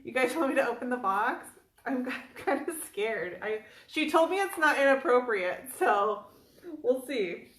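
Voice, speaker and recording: A woman's voice: on the high side, expressive, measured pace, a bit bright. A woman hosting a casual live stream as a furniture painter, chatty and giggly, greeting viewers by name. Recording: echoey room.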